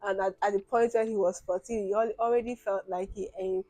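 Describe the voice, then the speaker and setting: A woman gives casual commentary for her reaction video, thinking aloud with plenty of fillers. Her voice is mid-pitched and recorded close and dry, with no room sound. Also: steady tone, fairly quick, dark tone, dry recording, low-quality recording.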